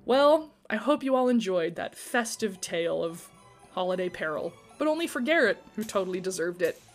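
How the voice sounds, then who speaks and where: A woman telling a story with an expressive, dramatic reading. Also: medium pitch, moderate pace, soft background music. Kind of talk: storytelling narration.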